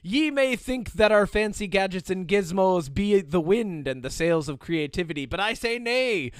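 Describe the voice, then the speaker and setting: Guy putting on a booming pirate captain voice, all yar and hearties, big theatrical speech. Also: animated, normal speed, smooth, no echo, studio quality. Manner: grand sea-dog proclamations. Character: swaggering old-school male pirate captain, theatrical. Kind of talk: reading text aloud in a pirate voice. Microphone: video call.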